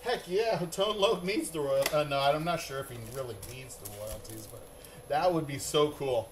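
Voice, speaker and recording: A man's voice: fairly high pitch, normal speed, slight background noise. A middle-aged man hosting a live card break, chatting in a rambling, upbeat way.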